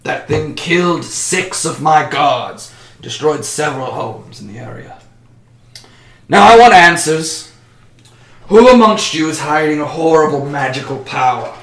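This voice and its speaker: A man's voice: on the high side, animated, moderate pace, reverberant. A man voicing a stern, stocky male dwarf leader who bluntly interrogates prisoners. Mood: demanding. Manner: commanding, blunt.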